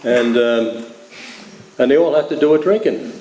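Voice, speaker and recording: An older man from New York tells a wry, chatty story to a meeting, his voice dark and mellow. The hall is echoey, with faint noise behind him. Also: medium pitch, moderate pace. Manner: humorous, conversational, many "you know" and "right?". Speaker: AA speaker.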